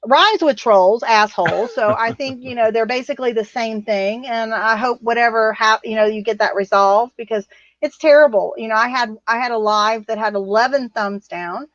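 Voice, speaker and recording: A woman co-hosts a casual livestream, chatting and reading viewer comments in a rambling, easily amused way. Her voice is fairly high and a bit bright at normal speed. The audio is dull, with no echo.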